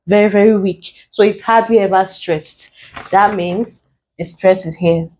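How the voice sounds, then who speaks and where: A woman's voice: medium pitch, fairly even intonation, measured pace, a little mellow, a little hiss or hum. A woman teaching an exam lesson, explaining rules patiently step by step. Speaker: English exam tutor. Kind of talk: recorded classroom lesson.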